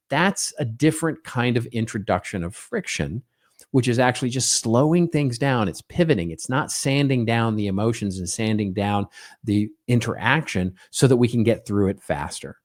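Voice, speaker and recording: A man's voice: mid-range voice, animated, brisk, a little mellow. A middle-aged man hosting a podcast alone, talking in a conversational way, tagging his points with "right?" and acting out little quoted exchanges. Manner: conversational, frequent "right?" tags, acts out small quoted exchanges. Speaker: podcast co-host. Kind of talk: solo podcast monologue.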